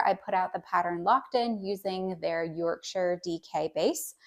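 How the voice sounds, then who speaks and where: Chatty woman with a lowish voice. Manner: chatty, hesitant with many ums. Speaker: knitwear designer. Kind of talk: casual vlog chat.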